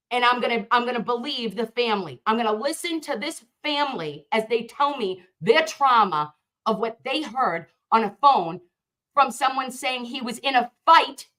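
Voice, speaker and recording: A woman's voice: a little high, a bit bright. A woman hosting a livestream, reading viewer comments aloud and speaking fervently, with emphatic repeated phrases.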